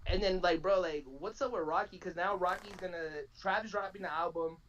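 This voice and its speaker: A young man co-hosting a live-streamed chat, excitable and profane, stumbling over his words as he rushes ahead. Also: high voice, lo-fi sound, a little hiss or hum. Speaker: podcast co-host.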